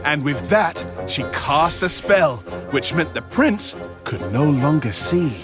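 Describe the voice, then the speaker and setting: A man narrating a children's story, animated and speaking to young listeners. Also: a little high, takes it slowly, over music.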